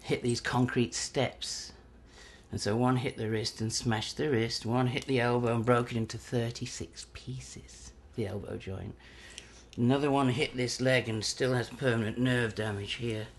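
Brief: English man, fifties, gravelly voice, animated storyteller in an interview. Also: mid-range voice, a little slow. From England. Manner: animated, acts out quoted voices. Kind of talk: anecdotal storytelling.

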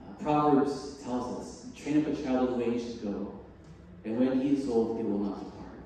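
A man preaching a sermon as pastor, telling a personal story with animated voices and frequent laughter. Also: medium pitch, normal speed, a little hiss or hum. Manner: animated, acts out dialogue, laughs often. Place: church sanctuary. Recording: distant mic in a large echoey hall.

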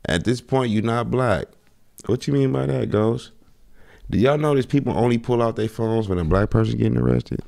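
A man streaming a reaction to a video, talking in an animated, slangy way and laughing often. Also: medium pitch, normal speed, creaky. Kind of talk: reaction commentary.

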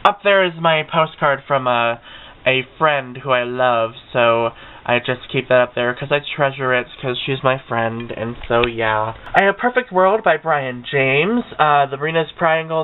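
A man's voice: mid-range voice, unhurried, clear, resonant tone. A young man chatting casually about his books, gushing and poking fun at himself. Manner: chatty and gushing, with self-mocking asides. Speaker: book vlogger. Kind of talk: casual chat. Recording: tinny lo-fi webcam audio.

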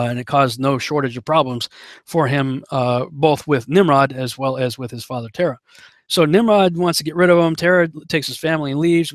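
A male Bible teacher delivers a relaxed, conversational sermon that moves between storytelling and scripture reading. His voice sits a little above the usual male pitch. The recording is dry and close, with no room echo. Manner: conversational, with many fillers and restarts, reads scripture aloud.

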